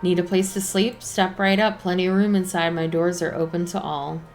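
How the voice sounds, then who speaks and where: A smarmy, money-grubbing innkeeper who plays the generous host while fleecing his guests, as a woman puts him on. He talks in loud, wheedling showman patter, in a low, gravelly voice with a fantasy game's flavour. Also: flat delivery, moderate pace, faint music behind, close to an everyday voice. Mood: showy. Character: greedy smarmy male innkeeper, fake-generous.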